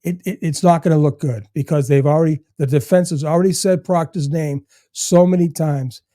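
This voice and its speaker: Older man, retired agent guest, animated storyteller; warm dark tone, dry close sound. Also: fairly high pitch, fairly quick, dry recording. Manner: animated storyteller, swears freely. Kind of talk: casual chat.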